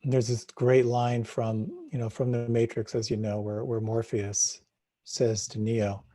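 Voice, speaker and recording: A middle-aged man leads a live meditation talk in a reflective, questioning way, often restarting and repeating words. His voice is husky and mellow, with a gravelly edge. The sound is dry and close. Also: mid-range voice, measured pace, no echo. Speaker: meditation teacher.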